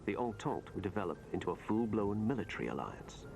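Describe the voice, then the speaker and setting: Man, documentary narrator, gravelly, low, music bed. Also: very animated, a little fast, noisy background. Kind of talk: scripted narration. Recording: narration over loud music.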